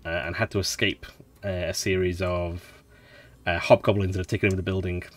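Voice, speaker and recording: A man hosting a relaxed let's play, chatting in a rambling way while he explores a game and laughs often. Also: low voice, brisk. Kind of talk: relaxed gameplay commentary.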